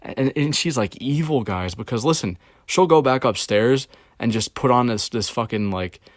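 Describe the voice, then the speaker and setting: A man's voice: mid-range voice, normal speed, no room sound, studio quality. A young man telling a rambling, profane story about his job in casual chat, full of fillers. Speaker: streamer. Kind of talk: casual rant about work.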